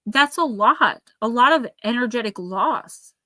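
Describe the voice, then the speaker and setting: A woman's voice: fairly high pitch, expressive, a little slow, sharp tone, no room sound. A woman giving an oracle card reading on a live stream, speaking earnestly and caringly to her viewers by name.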